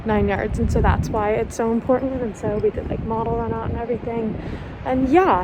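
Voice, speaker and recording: A woman's voice: fairly high pitch, little pitch movement, brisk. A young woman vlogging casually, chatty and laughing often, swearing freely. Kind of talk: casual vlog. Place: outdoors on city streets. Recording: loud outdoor street noise.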